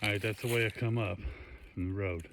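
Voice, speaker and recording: A man's voice: lowish voice, steady tone, a little fast. A man, filming outdoors on a phone as he climbs a hill, rambling in a folksy way about the landmarks below and a bit out of breath. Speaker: hiker filming his walk. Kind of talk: casual handheld vlog narration. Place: outdoors on a hillside. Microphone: phone held by the speaker. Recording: outdoor phone recording with noise.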